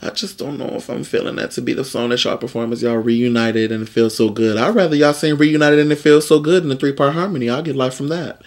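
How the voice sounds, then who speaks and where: A sassy man hosting his own vlog, chatting through entertainment gossip in a loose, playful way. His voice sits at an ordinary middle pitch and is recorded close to the mic. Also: fairly even intonation, quick pace, hardly any pauses. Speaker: vlog host. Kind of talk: casual gossip commentary.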